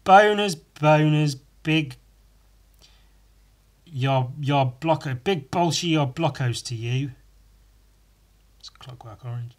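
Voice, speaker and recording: A man speaks slowly with long pauses, his mid-range voice carrying a breathy edge, while he draws during his solo podcast. His rambling is profane and self-mocking, broken up by many restarts and asides.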